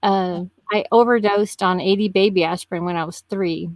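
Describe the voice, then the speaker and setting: A woman in her fifties, a podcast guest in a casual chat, tells stories animatedly and laughs often. Her voice is medium-pitched at a moderate pace, with no echo.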